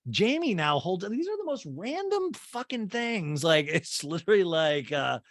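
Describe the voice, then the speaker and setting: A man's voice: high-pitched, big pitch swings, normal speed, no echo, studio quality. A man hosting a podcast, recapping a show in a chatty, profane, incredulous way. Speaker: podcast host. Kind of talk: casual comedic recap.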